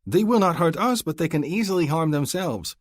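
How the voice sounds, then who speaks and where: A man's voice: a little high, expressive, brisk, no echo, pitched above the performer's own voice, natural voice. A man voicing a hot-headed, stubborn male alien hunter in an audiobook, indignant and protective. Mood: heated.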